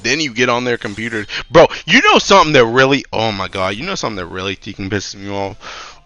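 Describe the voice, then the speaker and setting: Animated, gravelly-voiced man ranting on stream. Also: fairly low pitch, fairly quick, dry recording. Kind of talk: casual chat.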